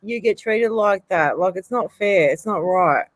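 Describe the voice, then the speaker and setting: A man's voice: high-pitched, lively intonation, unhurried, dry recording. A man co-hosting a live stream, earnest and supportive, swearing casually. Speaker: co-host.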